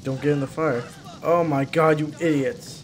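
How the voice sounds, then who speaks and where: Exasperated young man yelling at his game. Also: a little high, fairly even intonation, normal speed, noisy background. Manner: exasperated, shouting at the screen. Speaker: gaming channel host. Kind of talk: excited gameplay commentary.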